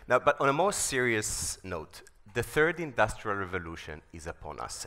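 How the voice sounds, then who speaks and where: A man whose first language is Hebrew, giving a conference keynote with storytelling and an enthusiastic pitch. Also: a bit bright. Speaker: keynote speaker. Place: conference stage.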